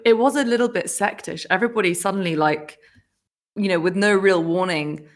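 A woman hosting a podcast, telling a personal story in casual conversation, animated and often laughing as she acts out what people said. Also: lowish voice. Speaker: podcast host.

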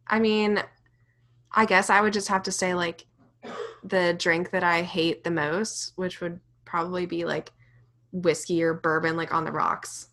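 A young woman co-hosting a podcast in casual chat, talking fast and loose with lots of "like" and "literally". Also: on the low side, level tone, fairly bright tone. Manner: chatty, says "like" and "literally" a lot. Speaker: podcast co-host.

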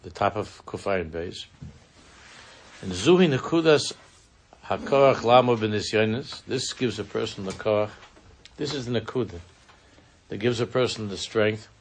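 Male rabbi giving a casual Torah class, low gravelly voice, earnest, halting delivery. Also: lively intonation, a little hiss or hum. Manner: earnest, halting, sprinkled with Hebrew and Yiddish terms. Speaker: rabbi teaching a Chassidic text.

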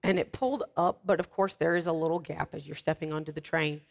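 A woman's voice: deep voice, steady tone, fast, creaky. A woman, a guest preacher speaking in a talk show interview, emphatic and fervent with wry humor. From Florida, United States.

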